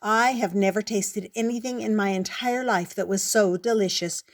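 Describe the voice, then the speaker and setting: A woman's voice: mid-range voice, normal speed, natural voice. A woman voicing a cheerful, rambling male fly who is a bit dim. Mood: chirpy, rambling.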